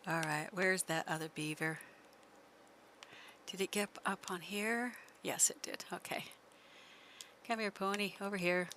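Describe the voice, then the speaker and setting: A woman's voice: fairly low pitch, fairly even intonation, takes it slowly, pauses often, sharp tone, a little hiss or hum. A woman streamer giving chatty live gameplay commentary, laughing often and coaxing her horse along.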